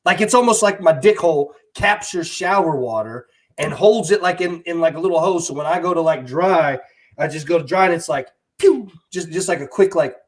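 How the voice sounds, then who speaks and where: A man's voice: a little high, fairly quick. A man co-hosting a comedy podcast, telling joking, self-mocking stories in casual chat. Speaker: podcast co-host.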